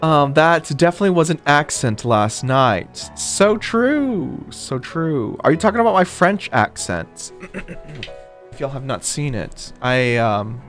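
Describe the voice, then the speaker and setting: A man's voice: medium pitch, expressive, measured pace, fairly bright tone, faint music behind. A man streaming a video game live, chatting casually and greeting viewers by name.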